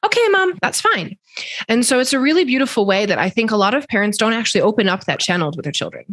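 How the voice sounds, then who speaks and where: A woman's voice: mid-range voice, animated, racing, a bit bright, no echo. Enthusiastic woman podcast host. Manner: enthusiastic, storytelling, frequent laughs. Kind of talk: casual podcast conversation.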